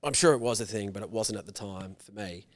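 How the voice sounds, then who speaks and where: A man's voice: lowish voice, fast. An Australian man telling a long story on a casual podcast, rambling and swearing, with many fillers. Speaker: podcast co-host.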